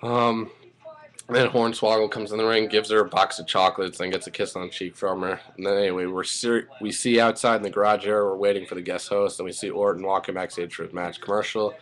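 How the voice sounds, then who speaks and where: A man giving a casual spoken recap of a wrestling show, rambling and excitable, swearing freely as he goes. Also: on the low side, fast.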